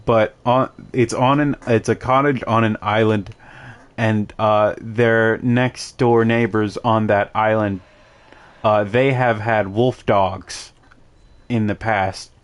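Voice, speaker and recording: Man, low voice, slow unhurried pace, rambling casual chat, lots of uh. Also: steady tone. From Canada. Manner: rambling, many fillers and restarts. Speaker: streamer.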